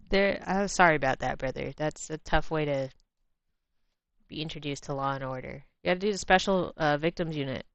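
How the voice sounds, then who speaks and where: An American woman with a deep voice chats casually on a livestream while drawing, laughing easily and swearing bluntly. As she works she sometimes drifts into quiet murmurs. There's no echo, but the stream audio is muffled and lo-fi.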